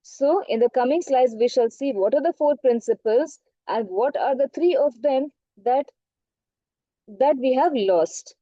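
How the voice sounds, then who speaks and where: A woman's voice: high voice, unhurried, mellow, no echo, muffled recording. A woman teacher with an Indian English accent telling a story to an online class and often checking in with questions. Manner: interactive, asks the class questions. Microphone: online class audio.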